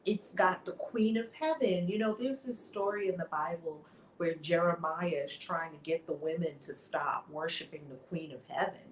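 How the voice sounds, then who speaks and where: A woman guest retelling a story in a lively way, voicing the people in it as she goes. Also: on the low side, moderate pace, reverberant, a little hiss or hum, low-quality recording. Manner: lively retelling with voiced quotes. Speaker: guest author and minister. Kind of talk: animated storytelling in a chat.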